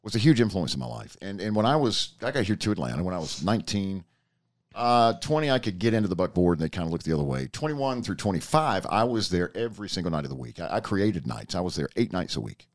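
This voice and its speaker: A man's voice: sits low, sing-song, fast talker. A man hosting a casual radio talk show, telling stories and bantering playfully. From American South.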